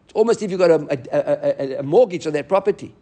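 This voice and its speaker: Quick, high-voiced man teaching Talmud. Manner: fast, animated, mixing Hebrew and Aramaic terms into English. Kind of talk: Talmud class explanation.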